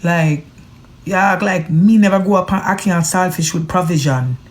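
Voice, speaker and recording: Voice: mid-range voice, moderate pace. A social media creator, lecturing viewers in an exasperated rant.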